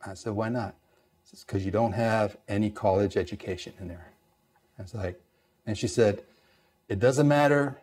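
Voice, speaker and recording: A man's voice: fairly low pitch, normal speed, pauses often. A middle-aged man from East Los Angeles, a Navy veteran, telling stories in a casual way and acting out the voices of the people in them. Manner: animated, acts out quoted voices, many fillers. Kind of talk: casual storytelling.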